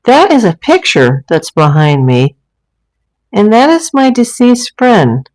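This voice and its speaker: A woman's voice: medium pitch, big pitch swings, slow, darkish tone, rough recording. A woman hosting a casual livestream from a room at home, talking in a rambling, chatty way with many fillers. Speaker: livestream host. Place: home room with a green screen and ring light.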